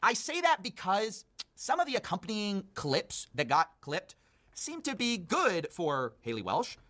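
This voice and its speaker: An online commentator recapping internet drama in a played video, sarcastic and quick. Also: mid-range voice, huge pitch swings, a bit bright.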